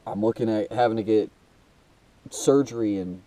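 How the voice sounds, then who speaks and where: A man's voice: fairly low pitch, moderate pace, warm tone, distant mic, slight background noise. A young man talking to camera in a rambling, emotional monologue, swearing and calling the listener dude, with a blocked nose. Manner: casual and swearing, calls listener dude, many restarts and fillers. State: blocked nose, trouble breathing. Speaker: self-made video host.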